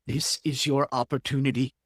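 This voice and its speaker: A performer reading a gentle, encouraging acting teacher in a screenplay table read. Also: mid-range voice, flat delivery, moderate pace, no room sound, clean studio sound, natural voice.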